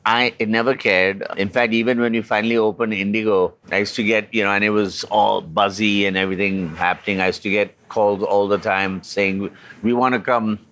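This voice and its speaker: A man, a chef hosting a conversational interview, speaking in a relaxed way with dry humor and acting out the exchanges he retells. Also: fairly low pitch, fairly quick, hardly any pauses. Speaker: chef and host.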